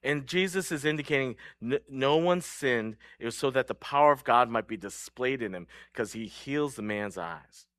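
A man's voice: mid-range voice, normal speed, hardly any pauses, a bit bright, no room sound. A young adult man preaching a sermon in a casual, joking way, laughing often. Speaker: pastor.

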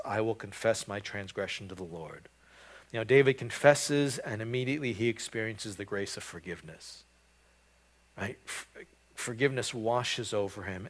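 A man preaching a sermon, earnest and emphatic, often restarting phrases and building to loud, rising stretches. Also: medium pitch. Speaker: pastor.

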